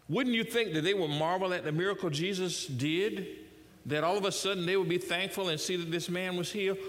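Man preaching, fairly high voice, conversational, rhetorical questions, long hall reverb. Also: moderate pace, fairly bright tone. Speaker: pastor. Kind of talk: sermon with scripture reading.

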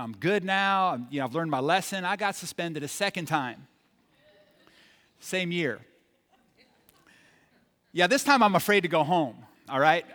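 Male pastor, sermon delivery, casual humor mixed with emphatic points, a bit higher voice. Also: bright, forceful tone. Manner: conversational, joking, emphatic. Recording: long hall reverb.

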